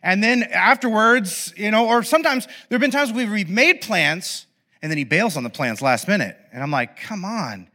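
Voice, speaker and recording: Bright, animated pastor. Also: male voice, sits high, normal speed. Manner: animated storytelling, playful acted asides. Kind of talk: sermon. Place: church podcast recording.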